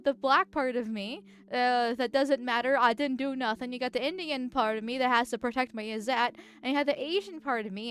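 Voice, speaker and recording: Here the political vtuber's voice-changed delivery sits in the mid range with a fairly bright tone. Chatting casually and reading chat, they ramble, giggle and keep restarting sentences.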